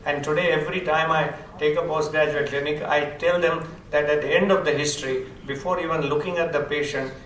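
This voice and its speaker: A man's voice: fairly high pitch, a bit bright, slight background noise. Older man, wry lecturer who chuckles through his stories; recorded far off in a roomy, echoing hall. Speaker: pediatrics professor. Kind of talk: lecture with anecdotes. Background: audience laughter.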